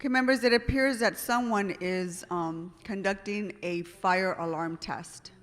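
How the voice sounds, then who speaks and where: Female council president, procedural and courteous, chamber reverb. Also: medium pitch. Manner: brisk, procedural, polite. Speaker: council president chairing meeting. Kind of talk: chairing a public meeting.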